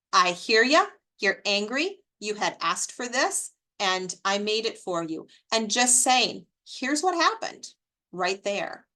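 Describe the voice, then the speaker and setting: A woman giving an informal educational talk on caregiving, chatty and animated, with personal stories and rhetorical questions. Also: medium pitch. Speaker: extension educator presenting a caregiving webinar.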